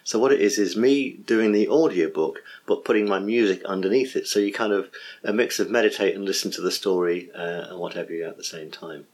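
Deep-voiced, enthusiastic teacher. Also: male voice, brisk, darkish tone. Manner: enthusiastic, chatty, full of praise. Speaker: meditation teacher. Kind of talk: workshop teaching.

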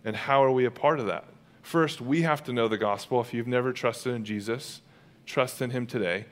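Male pastor, everyday conversational sermon, jokey then fervent, mid-pitched voice. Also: moderate pace. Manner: casual and humorous, swelling to loud fervent preaching.

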